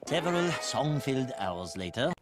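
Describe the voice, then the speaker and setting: A gravelly-low mock documentary announcer, slow and deadpan, reads out title cards, as a teen girl puts on the voice. The voice sounds far off, and clear background noise runs under it.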